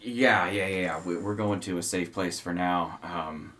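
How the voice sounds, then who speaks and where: A man's voice: low voice, steady tone, a little slow, a bit bright, a little hiss or hum. A man narrating a tabletop game as game master, casual and rambling with many fillers.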